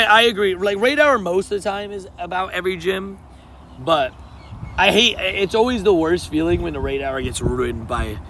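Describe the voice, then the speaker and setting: A young man talks to his live chat from outdoors in a relaxed, slang-heavy way, calling out viewers by name. His voice sits a bit high and has a bright edge with a gravelly rasp. Faint traffic noise hums behind him. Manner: laid-back and slangy, greeting chatters by name. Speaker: streamer. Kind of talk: casual live-stream chat.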